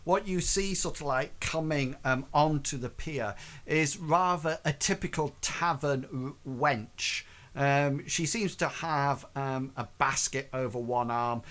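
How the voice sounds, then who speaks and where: A man narrating a tabletop game as game master, halting and full of fillers. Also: mid-range voice, fairly bright tone.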